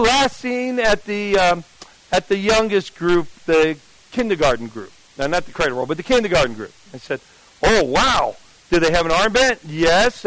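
High-voiced pastor telling a story. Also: male voice, dry recording, poor audio. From New Jersey. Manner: storytelling, acts out dialogue with lively shifts. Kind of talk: sermon with personal anecdote.

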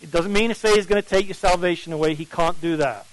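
Emphatic English preacher, high voice. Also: male voice, quick pace, dry recording, rough recording. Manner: emphatic, questions the audience. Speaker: preacher leading a morning Bible study. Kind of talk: sermon.

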